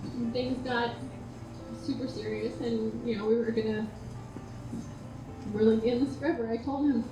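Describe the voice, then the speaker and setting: A woman's voice: a little high, fairly even intonation, normal speed, long pauses, music in the background. A woman giving a heartfelt eulogy and toast for her late partner at a memorial gathering. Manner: heartfelt, tender storytelling. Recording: echoey room, distant mic, background noise.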